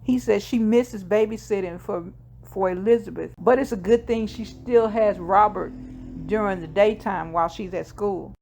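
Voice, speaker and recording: A woman's voice: mid-range voice, moderate pace, vocal fry, a little mellow, a little hiss or hum. Woman casually recapping a TV episode. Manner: retells scenes step by step, quoting dialogue in plain voice; occasional fillers and self-corrections.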